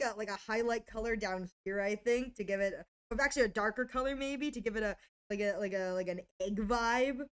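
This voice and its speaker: A woman with a high voice chats casually with her viewers while she draws on a live stream. She talks to chat as she works and keeps dissolving into helpless giggles. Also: smooth.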